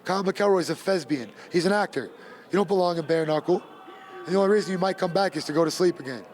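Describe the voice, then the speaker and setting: High-voiced fighter man, emphatic. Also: fast, darkish tone. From Gloucester, Massachusetts. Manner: emphatic, repeats phrases. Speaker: bare knuckle fighter. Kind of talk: post-fight interview.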